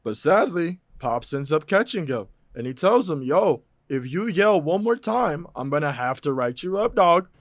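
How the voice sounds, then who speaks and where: A man's voice: fairly high pitch, very animated, moderate pace, few pauses, no echo, studio quality. A young man casually recapping a cartoon in a slangy, profane, laid-back way. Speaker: commentator.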